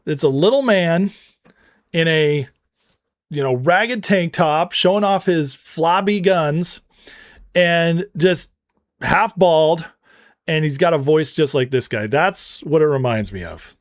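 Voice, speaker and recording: Scornful, higher-voiced male commentator. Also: lively intonation, takes it slowly, no echo, clean studio sound. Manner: heated, scornful ranting with storytelling asides. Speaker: show host. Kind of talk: political commentary monologue.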